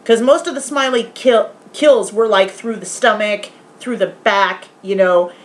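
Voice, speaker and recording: A woman in a casual vlog, retelling a horror film's ending in animated detail, swearing often and now and then softly talking aside to her pet. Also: medium pitch, a little slow. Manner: animated, swearing, retelling scenes with quoted voices. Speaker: vlogger. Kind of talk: casual movie review vlog.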